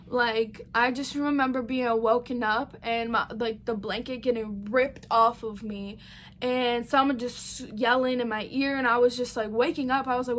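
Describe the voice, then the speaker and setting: Female vlogger, casual storytime delivery, rambling and profane, slightly high pitch. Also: slight background noise. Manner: rambling, filler-heavy, blunt and profane.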